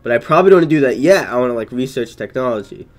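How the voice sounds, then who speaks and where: A man's voice: medium pitch, lively intonation, rapid-fire, darkish tone. A young man hosting a gaming channel, chatting casually, joking loosely and swearing freely.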